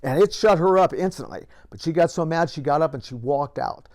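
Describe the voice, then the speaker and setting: An older man, a retired police officer, tells a story from his career to the camera and builds lively moments into it. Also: fairly high pitch, brisk.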